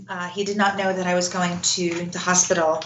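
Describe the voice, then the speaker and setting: A woman guest telling a personal story in an earnest way, often laughing softly between sentences. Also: fairly low pitch, little pitch movement, a little fast, a little hiss or hum. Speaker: interview guest. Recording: roomy echo.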